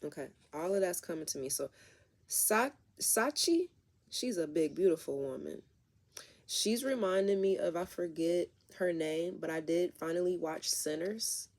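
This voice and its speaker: A woman's voice: on the low side, moderate pace, creaky, warm tone. A woman doing a casual tarot reading who rambles and talks straight to her viewers. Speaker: tarot reader.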